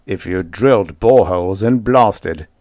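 A man voicing a huge, stern alien elder who speaks in a gruff, stolid rumble. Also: normal speed, a little mellow, no room sound, clean studio sound, close to an everyday voice.

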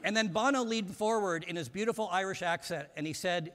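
Male speaker, slightly raised pitch, formal measured stage speech, long hall reverb. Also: fairly bright tone. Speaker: conference speaker introducing a panel. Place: large conference hall.

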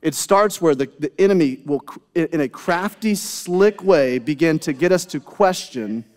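Male pastor, high voice, chatty sermon full of rhetorical asides, long hall reverb. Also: expressive, moderate pace, darkish tone. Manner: conversational, rhetorical questions and asides to the congregation. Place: church sanctuary.

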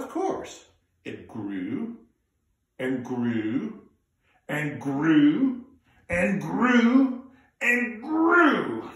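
A man telling a folk tale in an animated, drawn-out way, coaxing listeners to join in, heard in an echoey room from a distance. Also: mid-range voice. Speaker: storyteller. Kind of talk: live folk storytelling with audience participation.

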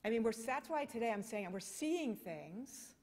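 A woman's voice: a little high, animated, normal speed, a little mellow. Passionate American woman giving a keynote. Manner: passionate, emphatic, rhetorical questions. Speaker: keynote speaker. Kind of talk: conference keynote speech. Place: conference hall. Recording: long reverb of a conference hall.

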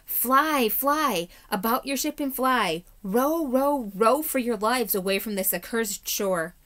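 A woman voicing a wild-eyed, terrified stranger man who pleads and shouts warnings in a storybook reading. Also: high-pitched, fairly even intonation, moderate pace. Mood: frantic.

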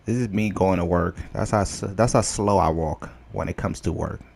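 A young man giving casual gameplay commentary, excitable, laughing often and yelping in disbelief. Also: deep voice, normal speed, creaky. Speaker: gameplay video host.

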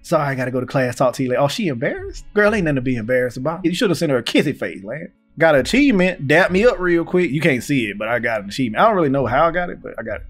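A man's voice: a little high, sing-song, very fast, few pauses. A man hosting a gaming video, reading text messages aloud and reacting with hyped, slangy banter. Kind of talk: playthrough commentary. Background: faint game music.

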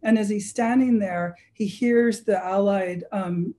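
A woman's voice: mid-range voice, a little slow, mellow. A woman author being interviewed, recounting anecdotes with energy and frequent self-corrections. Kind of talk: lively anecdotal storytelling.

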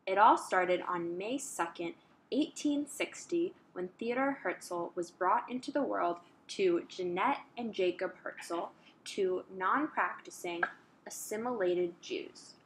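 A woman's voice: fairly low pitch, takes it slowly, a little hiss or hum, low-quality recording. A woman narrating a school history project in a careful, read-aloud way.

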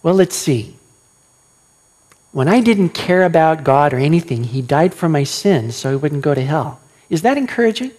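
A man preaching a sermon as pastor, animated and questioning his listeners, acting out quoted lines. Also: a little high, normal speed.

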